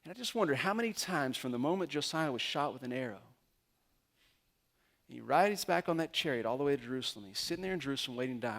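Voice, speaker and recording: A man preaching a sermon as pastor, retelling a story and acting out the characters' lines in quick quotes. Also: medium pitch, gravelly, a bit bright.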